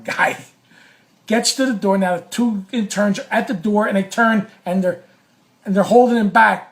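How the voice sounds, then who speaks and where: Middle-aged man, animated storyteller, salty and blunt, rough-edged delivery. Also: high-pitched. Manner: blunt, profane, restless, acts out quoted lines. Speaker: storyteller recounting a past clash.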